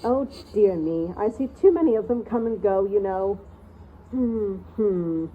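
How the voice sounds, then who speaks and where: A woman voicing an ancient, forgetful male mouse who keeps records, speaking in a squeaky near-whisper and rambling like a doddering elder. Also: lively intonation, unhurried, close to an everyday voice. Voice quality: squeaky voice barely above a whisper. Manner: doddering, rambling, peering over spectacles. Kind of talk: storybook reading. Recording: tinny phone-like sound, faint hiss.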